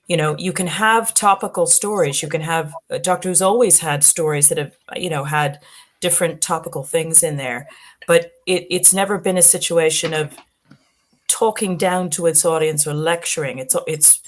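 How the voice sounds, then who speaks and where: A woman talking on a fan panel in casual chat, halting with restarts and fillers, her voice worn tonight. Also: low-pitched. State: voice going tired. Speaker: podcast panelist.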